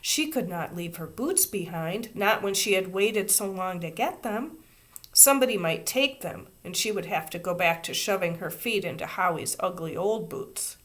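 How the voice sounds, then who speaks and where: A woman reading a children's chapter book aloud, at a middle pitch for a woman. She tells the story in a steady, expressive way, like a teacher reading to her class. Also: normal speed.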